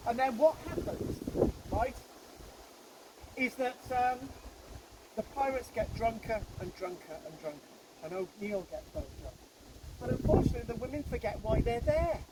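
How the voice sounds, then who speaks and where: A man's voice: very high voice, expressive, normal speed, pauses often, noisy background. A man guiding a ghost walk, telling a local legend to a group in a chatty way that keeps checking in with the listeners. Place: outdoors on a walking tour.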